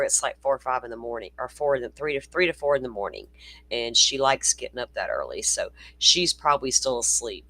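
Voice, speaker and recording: A woman's voice: rumbling low, sharp tone. A woman from Florida with a Southern accent, hosting a casual livestream chat; she swears freely, rambles and laughs often. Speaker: livestream host.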